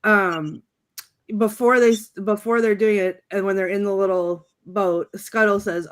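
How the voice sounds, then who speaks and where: A woman's voice: mid-range voice, fairly even intonation, measured pace, clear, resonant tone. Chatty giggly woman co-host. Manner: chatty and giggly, many fillers. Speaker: podcast co-host. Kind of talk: casual chat, reading favorite movie quotes.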